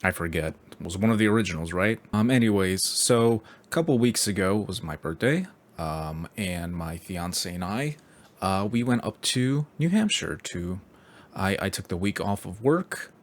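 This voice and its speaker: A young man from New York City chatting casually in a rambling, wry and crude way, full of fillers. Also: fairly low pitch. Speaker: vlogger.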